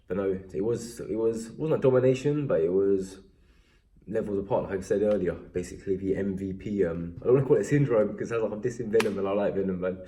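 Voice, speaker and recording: Young English man, mellow low voice, casual rambling sports vlogger. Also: quick pace. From England. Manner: rambling, self-deprecating, animated when excited. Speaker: MMA vlogger. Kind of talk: casual recap chat.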